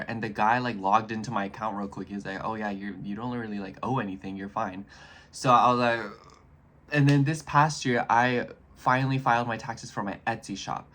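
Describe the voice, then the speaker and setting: A man in his twenties chatting casually in a vlog, rambling and animated as he speaks straight to his viewers. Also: medium pitch. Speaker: astrology YouTuber.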